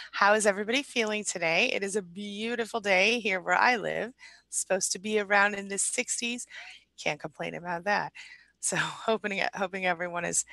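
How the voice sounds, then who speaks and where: A middle-aged woman hosting a live coaching stream, warm and chatty as she greets viewers. Her voice is bright with a touch of vocal fry. The recording is dry and close to the mic. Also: medium pitch, no echo. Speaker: relationship recovery coach.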